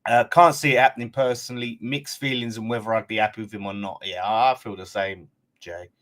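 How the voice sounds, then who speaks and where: A man's voice: fairly low pitch, steady tone, brisk, a bit bright. A man hosting a live-streamed football fan chat, talking casually and swearing freely. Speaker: fan channel host.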